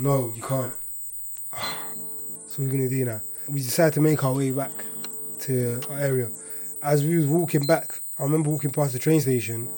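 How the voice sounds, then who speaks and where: A young man from East London with a local accent, quietly telling a personal story in a reflective way, often trailing off at the ends of his lines. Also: fairly high pitch. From Hackney, East London. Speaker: interviewee.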